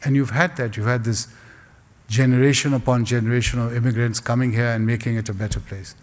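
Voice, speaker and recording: A man giving a public lecture and answering audience questions in a measured, rhetorical way with humorous asides. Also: medium pitch, fairly even intonation. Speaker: guest speaker. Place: lecture hall. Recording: long hall reverb.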